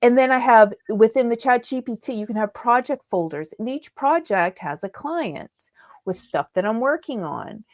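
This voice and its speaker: A woman's voice: on the high side, animated, unhurried, no echo, clean studio sound. A woman guest in an interview, explaining her methods in an enthusiastic, step-by-step way. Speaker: guest, digital marketing strategist. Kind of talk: conversational interview answers.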